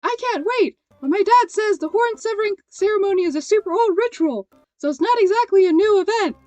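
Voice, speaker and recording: A woman voicing an excited young kid at a festival, squealing and bouncy. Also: extremely high pitch, a little fast, no room sound, soft background music, voice pushed up.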